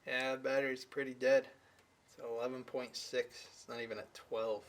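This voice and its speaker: A man's voice: mid-range voice, level tone, normal speed. A young man casually thinking aloud as he works on his car, narrating for his vlog. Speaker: car vlogger. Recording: loud car engine noise behind.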